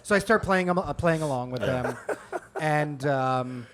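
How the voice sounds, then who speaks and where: A man co-hosting a casual comedy podcast, his voice sitting somewhat high. He tells his story with energy and acts out the other people in it. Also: measured pace, noisy background. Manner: animated storyteller, acts out callers. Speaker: podcast co-host.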